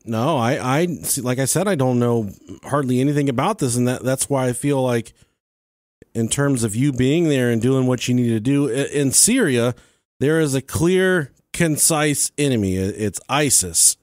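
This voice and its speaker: A male podcast host chatting with his guest and asking quick, curious questions, swearing freely. His voice has an ordinary middle pitch for a man. The recording is dry and close, with no room sound. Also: darkish tone, no room sound. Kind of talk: casual interview chat.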